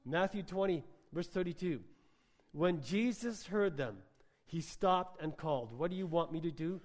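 Guy preaching, chatty storytelling, kinda high voice, big echoey hall. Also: normal speed. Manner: conversational, animated storytelling with filler words. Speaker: pastor. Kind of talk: sermon. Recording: long hall reverb.

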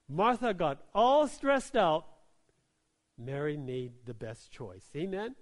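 A male pastor preaching a sermon, drawing the congregation in with repeated "Amen?" and "right?" and swinging between soft low asides and emphatic exclamations. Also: big pitch swings, slow pace, big-room sound.

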